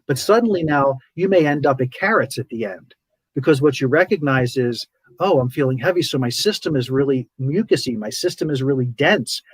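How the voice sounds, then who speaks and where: A man's voice: medium pitch, slightly rough, no echo, rough recording. A man hosting a podcast, talking casually and animatedly, acting out his inner voice and repeating words for emphasis. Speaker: podcast host. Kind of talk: casual spiritual talk.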